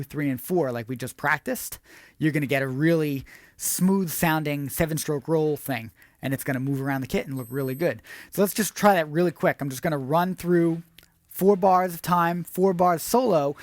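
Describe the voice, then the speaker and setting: A man's voice: fairly high pitch, dry recording, studio quality. A man hosting an online drum lesson, explaining exercises step by step in an upbeat way. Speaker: drum teacher.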